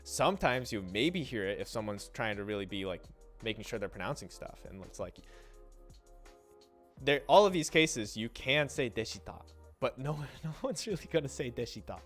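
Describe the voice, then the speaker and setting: A young man casually explaining Japanese pronunciation on a livestream, trailing off, restarting and sounding out syllables slowly. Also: medium pitch, very animated, faint music behind. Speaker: streamer teaching Japanese.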